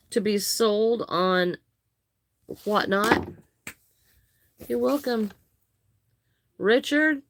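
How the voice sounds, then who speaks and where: Her voice on the high side, a woman hosts a crochet livestream, talking with her audience and welcoming and thanking people by name. Now and then she stalls and starts over.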